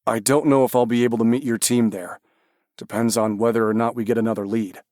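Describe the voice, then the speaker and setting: A male narrator voicing a helpful official with years in government, who speaks briskly and reassuringly. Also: medium pitch, fairly even intonation, darkish tone, no echo, clean studio sound, natural voice.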